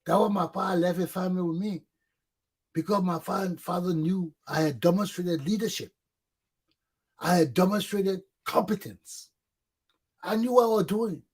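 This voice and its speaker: Brief: middle-aged man, husky and a little high, chatty storyteller who acts out shouts. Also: moderate pace, long pauses. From Liberia. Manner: animated, acts out shouted quotes. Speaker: talk show host. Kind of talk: casual storytelling.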